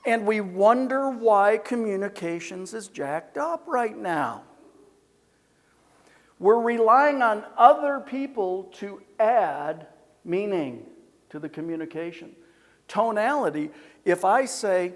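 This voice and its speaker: Gravelly, high-voiced older man on stage. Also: slow. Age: 60s. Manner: lively, jokey, acts out quoted voices. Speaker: communication speaker. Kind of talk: live seminar talk. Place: large hall with an audience. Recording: long hall reverb from a live event.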